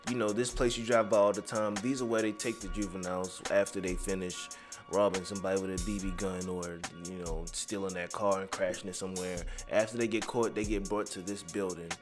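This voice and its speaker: A man's voice: deep voice, fairly even intonation, brisk, over music. A man giving heated, profane commentary, rambling and drifting off his script. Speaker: commentary vlogger.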